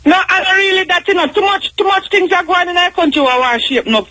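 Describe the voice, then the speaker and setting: A woman with a Jamaican accent calling in to a radio talk show, halting and repeating her words as she argues her point. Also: very high-pitched, pushed and bright, dry recording. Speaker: caller.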